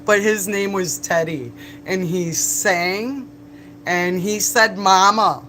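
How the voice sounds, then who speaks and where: A man chatting on a live stream from a bar, telling animated stories, laughing often and swearing freely. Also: high voice, slow pace, slight background noise, poor audio. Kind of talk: casual live-stream chat. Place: bar, indoors.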